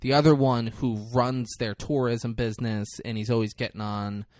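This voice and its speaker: A man's voice: mid-range voice, little pitch movement, moderate pace, a little mellow, no room sound, clean studio sound. A man co-hosting a comedy podcast, recapping a movie in a rambling, profane way and acting out the scenes. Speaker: podcast co-host.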